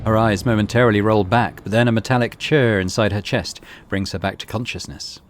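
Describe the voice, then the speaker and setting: A man's voice: fairly low pitch, fairly even intonation, a little fast, soft background music. A man playing through a role-playing game, reading its text aloud with casual asides. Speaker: gaming YouTuber.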